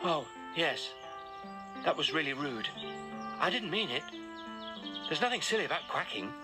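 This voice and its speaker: A man's voice: on the high side, very animated, moderate pace, music in the background. A man voicing a kind young male dog on wheels in a children's cartoon, earnest and eager to help. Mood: reassuring. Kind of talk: children's TV voice acting.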